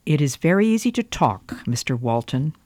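A man's voice: on the high side, big pitch swings, moderate pace, a little mellow, no room sound. A man reading an audiobook voices a bitter, proud young woman who answers with cold scorn and breaks into fierce outbursts.

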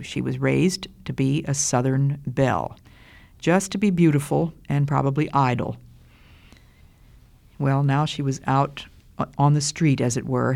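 An older woman giving a Christian devotional talk in a slow, deliberate, earnest way. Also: rumbling low, gravelly, dark tone. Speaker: Christian speaker.

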